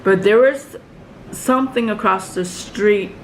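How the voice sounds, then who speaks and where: A woman vlogger telling a long story in a rambling, halting way, full of fillers and restarts. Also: mid-range voice, a little hiss or hum, rough recording. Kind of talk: casual story vlog.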